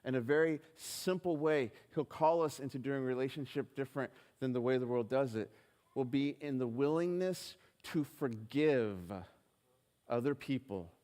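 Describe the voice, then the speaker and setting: A man's voice: medium pitch, moderate pace, darkish tone. A man preaching a sermon, telling a personal story earnestly and acting out the dialogue with hesitant restarts. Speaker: pastor. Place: church hall. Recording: live stream in reverberant hall.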